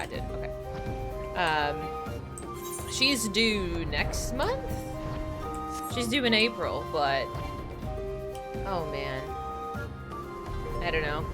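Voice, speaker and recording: A woman in her forties chatting casually with her viewers while streaming a game, rambling and gushing with frequent laughter. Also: mid-range voice. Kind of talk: casual livestream chat while gaming.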